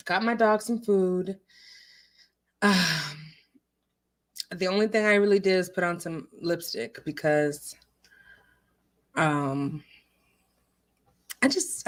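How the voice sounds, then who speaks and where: A slightly tipsy woman hosts a casual livestream from an echoey room at home, giggling and greeting viewers. Her voice is medium-pitched and a bit bright.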